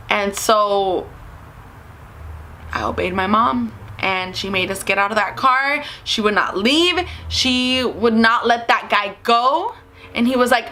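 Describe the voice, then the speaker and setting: A woman's voice: fairly high pitch, moderate pace, bright, forceful tone. A young woman telling a story in a casual, chatty vlog, switching into the voices of the people she quotes. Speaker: vlogger.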